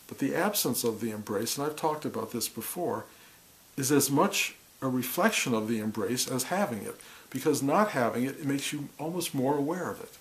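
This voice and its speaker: A man giving a slow, reflective spiritual talk, speaking softly and often dropping to a near whisper. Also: medium pitch, lively intonation, poor audio. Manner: slow, soft, intimate, drops to near whispers.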